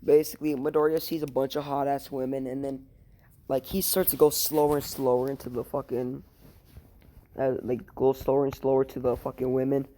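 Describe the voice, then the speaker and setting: A man's voice: mid-range voice, flat delivery, fairly quick, warm tone. A tired young man improvising a fan story, rambling and crude, full of fillers and swearing. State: tired, sleepy.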